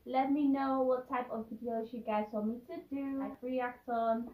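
A woman vlogger talks through tears, emotional and gushing in a casual reaction video. Her voice sits a little high. The room is echoey and she is heard from a distance off the mic. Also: fairly even intonation, normal speed, hardly any pauses, noisy background. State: teary, crying.

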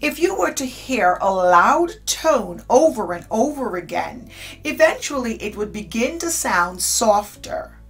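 Slow, lively-pitched woman lecturing. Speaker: psychology lecturer. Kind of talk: scripted lecture.

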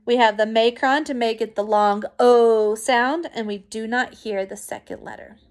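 A woman teacher giving a recorded phonics lesson to young children, encouraging and clear. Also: on the high side, fairly even intonation. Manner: slow, clear, encouraging classroom pacing.

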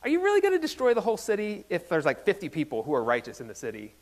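A man voicing Abraham as an incredulous older man pleading quickly with God during a sermon retelling. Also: high-pitched, wildly swooping pitch.

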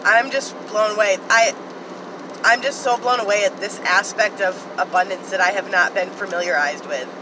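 A woman chatting excitedly to viewers in a casual vlog, talking straight to the camera about her finds. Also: mid-range voice, moderate pace, noisy background. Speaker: vlogger. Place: in a car, rain outside.

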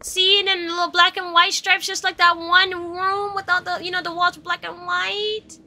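A young adult woman streaming a game live, reacting with excited exclamations and chatting to her viewers. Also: very high-pitched, moderate pace, a little hiss or hum. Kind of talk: live gameplay commentary.

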